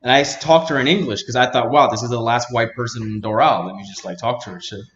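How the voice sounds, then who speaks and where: A man's voice: mid-range voice, quick pace. Slangy man in an echoey room. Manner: relaxed, slangy storytelling. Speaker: podcast host. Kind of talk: casual interview chat. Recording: dull, slightly echoey room.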